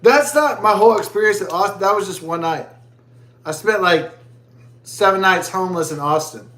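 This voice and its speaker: A man's voice: sits high, moderate pace, fairly bright tone, reverberant. A man vlogging as he drinks a beer, telling a rambling story in crude, profane, rambling talk.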